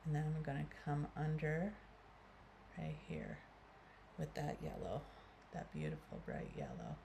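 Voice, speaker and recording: Her voice sits low and dark, with huge pitch swings, vocal fry and an unhurried pace, plus a little hiss or hum in the recording. She's a Canadian beauty vlogger in her fifties chatting casually through a makeup tutorial, saying "guys" to viewers and using lots of fillers.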